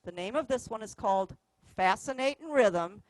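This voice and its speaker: Her mid-range voice is expressive and moderately paced as she patiently explains rhythms to a music workshop, counting and singing the notes aloud. The setting is a music store classroom, and the rough recording carries no echo.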